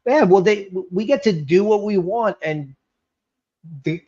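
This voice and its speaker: A man's voice: high-pitched, unhurried, warm tone. A man co-hosting in casual banter, laughing often and stumbling over restarts as he jokes. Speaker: guest co-host. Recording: dull lo-fi sound.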